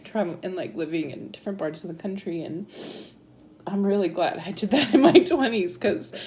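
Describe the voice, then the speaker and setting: A woman in her thirties with a slightly low-pitched voice shares her own story. She talks in a chatty way, fills her sentences with "like" and laughs often. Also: lively intonation, a little fast, darkish tone, slight background noise. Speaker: interviewee sharing her story. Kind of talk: personal storytelling.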